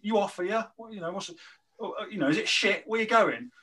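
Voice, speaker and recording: A man's voice: high-pitched, animated, quick pace, a loud crowd, voice pushed up. A man voicing a group of pushy male nightclub bouncers who keep firing demanding questions.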